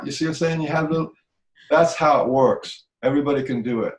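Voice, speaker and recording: A man's voice: fairly high pitch, fast, echoey room, low-quality recording. A man teaching a healing practice in conversation, earnest and repetitive, often checking that he is understood.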